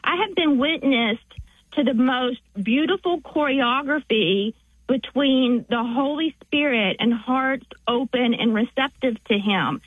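A woman with a Southern US accent calling in to a radio show, talking in a halting way with frequent restarts. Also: high voice, breathy edge, no room sound. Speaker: caller. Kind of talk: call-in phone conversation. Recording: tinny phone line.

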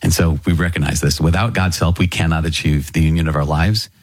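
Man, priest, very low voice, husky, earnest catechism talk, repeats himself for emphasis. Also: steady tone, fairly quick, no echo. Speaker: priest and podcast host.

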